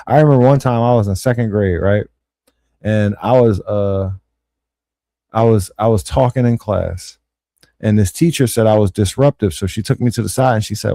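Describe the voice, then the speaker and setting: A man's voice: mid-range voice, brisk, no echo. A young man, telling school stories in casual, slangy chat as a podcast host and acting out what others said. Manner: animated, slangy, acts out quotes.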